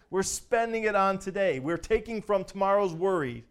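A male pastor preaching a sermon, lively and swinging between loud declarations and hushed, soft asides, with frequent chuckles. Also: high voice, smooth.

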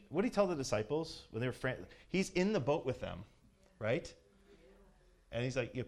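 A man preaching an informal sermon in a conversational way, asking his listeners questions and building to loud, fervent exhortation. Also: mid-range voice, animated, normal speed, creaky.

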